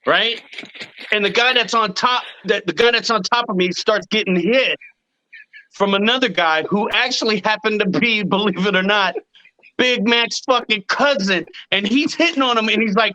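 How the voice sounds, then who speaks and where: A man in his thirties hosting a podcast, chatting casually and telling profane, animated stories. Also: high-pitched, normal speed, low-quality recording. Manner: profane storyteller, animated retelling. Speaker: podcast host. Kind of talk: casual chat.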